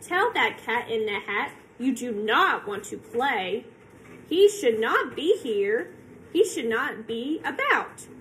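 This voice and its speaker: A woman voicing a fretful, scolding pet fish in a storybook read-aloud, with high-pitched, alarmed pleading. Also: sing-song, slow pace, a bit bright, a little hiss or hum, exaggerated voice, poor audio.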